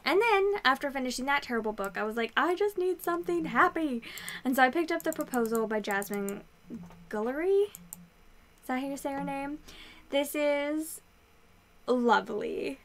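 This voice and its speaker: A woman's voice: high voice, animated, moderate pace, long pauses, a little hiss or hum. A young woman vlogger chatting casually about books she read, with many "like" fillers. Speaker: book vlogger. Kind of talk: casual book review chat.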